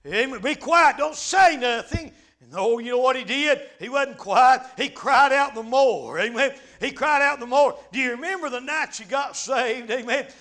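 A man preaching a fervent revival sermon, dropping frequent amens and breaking into shouts. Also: very high voice.

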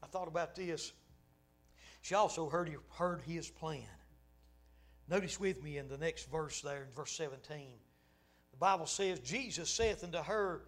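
High-voiced preacher, hushed to shouting. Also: male voice, a little slow. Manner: swings from hushed asides to shouted exclamations, laughing. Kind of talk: sermon.

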